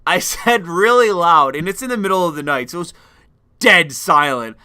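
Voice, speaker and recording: Give me a young man on a casual stream, telling a story with loud, profane energy. His voice sits high and sounds very bright and clear. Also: expressive, normal speed.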